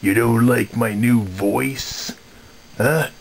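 A man voicing a smug, mean male puppet frog in a comedy puppet video, talking slowly with sly chuckles. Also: mid-range voice, steady tone, gravelly, a little hiss or hum.

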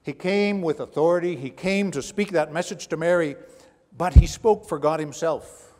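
A male pastor preaching a sermon with dramatic swings between hushed and raised delivery. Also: a little high, moderate pace. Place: church sanctuary. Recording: long church reverb.

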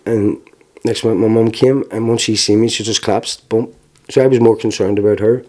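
A man in his forties with a Belfast accent, giving frank personal testimony in an interview, telling it plainly with halting restarts. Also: fairly low pitch, fairly even intonation, mellow. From Northern Ireland.

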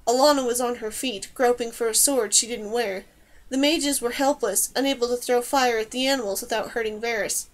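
A woman narrates a fantasy audiobook in a steady, even storytelling voice. Her voice sits notably high. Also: a little fast. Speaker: audiobook reader. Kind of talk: scripted narration.

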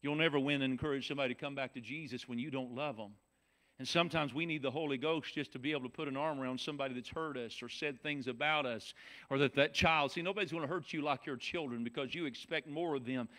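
A man with a Southern US accent, preaching a folksy sermon as pastor, dropping from loud shouts to soft, low talk. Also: fast talker.

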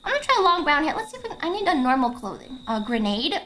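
Very high-pitched, excitable young woman streamer. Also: fast. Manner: excitable, swearing, stammering, laughing often. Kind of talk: casual game-stream chat.

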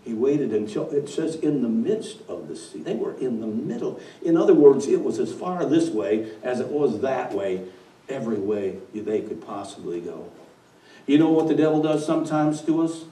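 A man preaching a dramatic storytelling sermon, swinging from hushed to loud, recorded in a church. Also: medium pitch, lively intonation, normal speed. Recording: echoey church from far off.

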